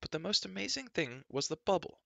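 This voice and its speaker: Eager young prince, man voicing him, gushy and high, bright tone. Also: sing-song, a little fast, creaky, dry recording, heavily acted. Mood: amazed. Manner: breathless, gushing.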